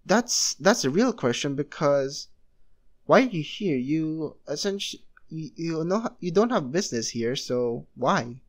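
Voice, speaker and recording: A man's voice: fairly high pitch, animated, measured pace. A young man casually narrating a fan story, rambling with many fillers and restarts. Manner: rambling, heavy filler use.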